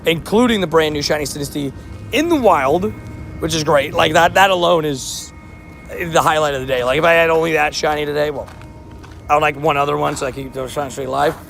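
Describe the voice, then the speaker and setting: A slightly hoarse young man with a voice sitting a bit high. He rambles cheerfully through a livestream, teasing himself as he walks. Faint street traffic hums underneath. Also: a bit bright. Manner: chatty, joking, self-mocking banter. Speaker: mobile game streamer. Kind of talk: casual livestream commentary while playing.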